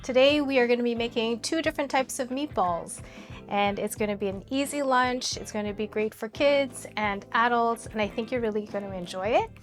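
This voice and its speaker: Woman talking thru a home cooking video, kinda high voice, music playing under it. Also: fairly quick. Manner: chatty, playful, explains steps as she cooks. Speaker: cooking channel host. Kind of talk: casual cooking vlog. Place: home kitchen with food sizzling. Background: music and sizzling pan.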